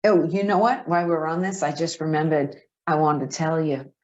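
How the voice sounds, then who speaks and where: A woman with a Boston accent, co-hosting a podcast in casual chat, talkative and quick to laugh. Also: deep voice, steady tone, a little mellow. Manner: chatty, laughs often. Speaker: podcast co-host. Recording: dull lo-fi audio.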